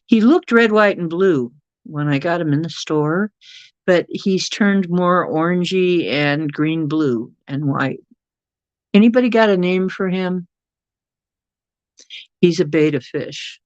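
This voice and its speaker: A livestream host chatting casually and at length, reading viewers' messages aloud and cooing softly at pets. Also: mid-range voice, unhurried, no room sound, lo-fi sound. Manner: rambling, chatty, reads chat aloud.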